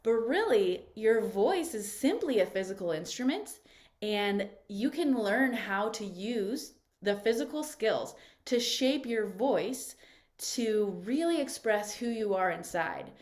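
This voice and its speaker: A woman's voice: fairly high pitch, lively intonation, slow pace, a little mellow. A woman voice coach leading a live online workshop over a video call, talking in an encouraging, conversational way and often checking in with "right?".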